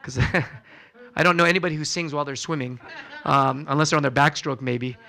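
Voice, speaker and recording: A man's voice: fairly high pitch, fairly even intonation, a little fast, creaky, bright, forceful tone. A man, a physician, giving a conversational health lecture in a church hall, quizzing the audience and acting out talks with patients. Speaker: physician presenting a wellness seminar.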